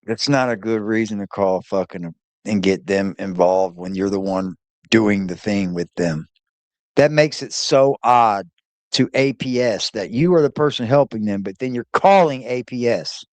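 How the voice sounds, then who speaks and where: A man's voice: fairly low pitch, unhurried, dry recording. A man hosting a livestream, casually commenting and greeting his chat. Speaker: livestream host.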